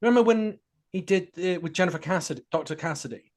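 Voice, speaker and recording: Lively jokey man, very expressive pitch. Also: fast talker. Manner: lively, jokey, laughs often. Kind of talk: casual political chat.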